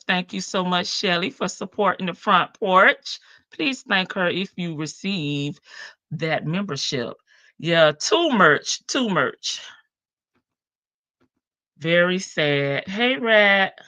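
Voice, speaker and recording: Slow, bright-voiced woman livestream host. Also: on the low side, no room sound. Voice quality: big country voice. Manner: greets chat viewers one by one, chatty and drawling. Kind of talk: casual livestream chat.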